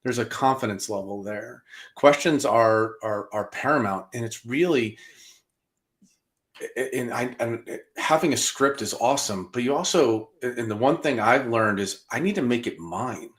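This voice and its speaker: A man's voice: mid-range voice, fairly bright tone. A man hosting a business podcast, talking casually, often restarting and stumbling before his point lands. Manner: halting, with repeated restarts and fillers. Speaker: podcast host.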